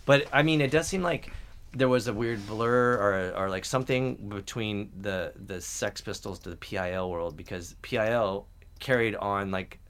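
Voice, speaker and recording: A young adult man hosts a podcast, speaking in a rather low voice. His talk rambles loosely, with many fillers, restarts and casual swearing. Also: normal speed, a bit bright, a little hiss or hum. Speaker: podcast host. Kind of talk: casual chat.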